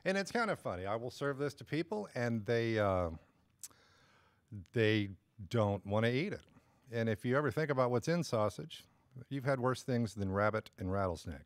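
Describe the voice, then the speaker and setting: Dry-humored man, relaxed studio guest. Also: mid-range voice, normal speed, dry recording. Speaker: guest, cooking show host. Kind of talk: studio interview chat.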